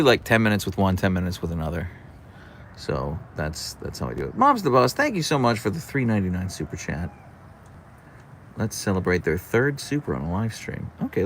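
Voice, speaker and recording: A man with a fairly low, gravelly voice hosts a casual livestream from an outdoor deck, chatting and answering viewer comments into a camera on a tripod. There's slight background noise.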